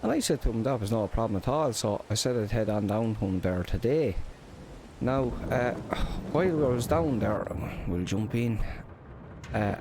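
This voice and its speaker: A man's voice: on the low side, moderate pace, background noise. A man with an Irish accent narrating a farming roleplay in a chatty storytelling way, full of local slang. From Ireland. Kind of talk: casual in-character roleplay narration.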